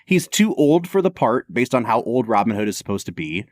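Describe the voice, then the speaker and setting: A man on a film podcast talks in an animated, opinionated way, his pitch rising and falling widely. He laughs often, and his voice sits close to the mic in a dry, dead room. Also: a little fast, no echo. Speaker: podcast co-host. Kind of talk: casual film chat.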